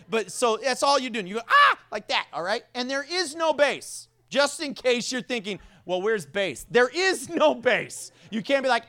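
A pastor preaching to his congregation in a church, playful and full of energy as he jokes at his own expense. His voice sits high for a man and sounds bright. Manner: playful, self-mocking, energetic. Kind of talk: sermon.

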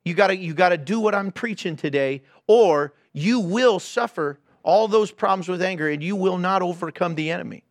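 A man's voice: high voice, moderate pace, few pauses, dry recording, studio quality. A man preaching a sermon as pastor, earnest and exhorting, speaking straight to his congregation. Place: church.

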